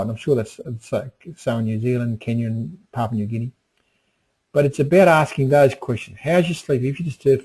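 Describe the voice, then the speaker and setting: A man's voice: mid-range voice, mellow, husky, rough recording. A middle-aged man presenting a webinar in a folksy way, repeating phrases and restarting often. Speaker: webinar presenter on emotional resilience.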